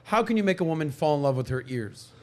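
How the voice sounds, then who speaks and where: A man's voice: on the high side, fast talker, a little hiss or hum. A man hosting a podcast in casual chat, telling stories and acting out the people he quotes. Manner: animated storyteller who acts out quoted voices. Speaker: podcast host.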